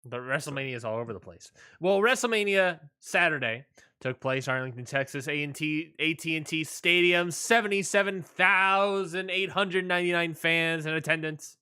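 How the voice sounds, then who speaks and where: A man's voice: fairly high pitch, brisk, sharp tone, clean tone, no echo, studio quality. A man hosting a casual wrestling podcast, joking and steering the conversation along. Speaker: podcast host.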